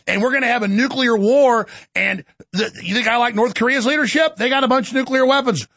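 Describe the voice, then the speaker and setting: Gravelly, combative male show host. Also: extremely high pitch, a bit bright, no echo. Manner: combative, sarcastic, rapid-fire. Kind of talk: ranting political commentary.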